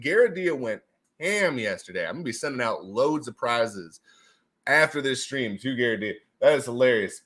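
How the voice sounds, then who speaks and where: A medium-pitched man runs giveaways on a casual livestream, excitable and goofy, laughing often and slipping into silly voices.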